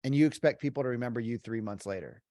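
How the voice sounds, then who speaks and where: A middle-aged man talking shop on a podcast, pushing his points hard and tagging them with "right?" and "like". His voice sits at a mid pitch, and the recording is close and dry with little room sound. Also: fast, dark tone, no room sound. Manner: emphatic, peppered with "like" and "right?". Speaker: podcast guest, sales trainer. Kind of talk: casual podcast talk.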